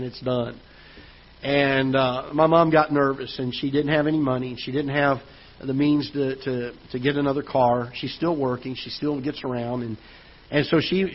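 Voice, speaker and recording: A man's voice: mid-range voice, breathy edge. A male pastor with a Midwestern American accent, preaching a sermon and telling a personal story with frequent restarts and repeated words. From United States. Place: church auditorium. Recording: dull lo-fi church broadcast audio.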